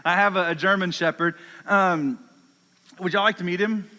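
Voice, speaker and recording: A man giving a casual, chatty youth sermon in a large hall, full of fillers, and talking to his dog in low, soft commands. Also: fairly even intonation, moderate pace. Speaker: youth pastor.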